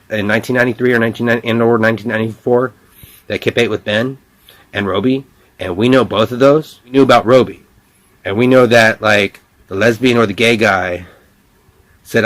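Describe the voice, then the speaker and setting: A man voicing a mocking male tormentor who talks about him in the third person, in excited, jeering bursts. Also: fairly low pitch, natural voice. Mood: gloating.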